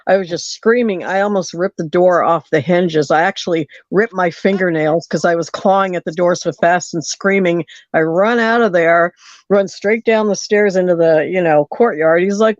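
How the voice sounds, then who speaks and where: Woman telling a lively story by phone. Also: lowish voice, moderate pace, no room sound, dull audio. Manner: animated storyteller, acts out quotes. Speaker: caller. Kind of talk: storytelling on a call-in show.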